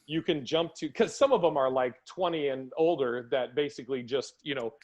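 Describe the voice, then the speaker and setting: A man's voice: mid-range voice, brisk. A man hosting a podcast, chatting casually and acting out quoted conversations as he tells stories. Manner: animated storytelling, acts out quotes. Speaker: podcast host.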